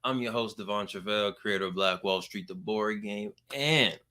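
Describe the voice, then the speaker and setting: Male podcast host, young adult, animated storyteller, brassy timbre. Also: on the low side, normal speed. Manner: animated storytelling, acts out quoted people. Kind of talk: casual podcast chat.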